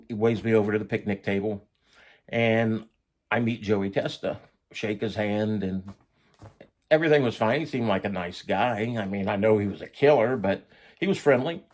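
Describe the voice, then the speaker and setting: A man's voice: fairly low pitch, normal speed. A man casually telling a story about his own past, blunt and profane in a conversational way.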